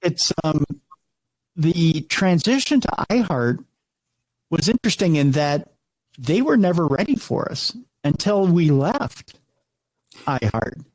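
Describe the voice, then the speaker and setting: A middle-aged radio host talks in a loose, rambling way, often restarting his sentences and slipping into the voices of the people in his story. His voice sits a little high for a man, and the sound is close and dry. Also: slow pace, long pauses, no room sound, rough recording. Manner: animated, many restarts, acts out quoted voices. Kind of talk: casual interview storytelling.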